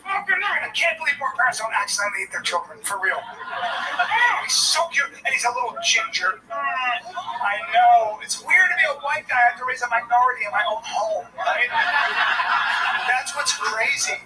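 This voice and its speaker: A middle-aged man telling a stand-up story in a high-pitched voice, shifting between exasperated rants and quick asides. He sounds off-mic and a little distant. A loud wash of room noise runs under every line. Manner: animated, exasperated, ranting. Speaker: stand-up comedian.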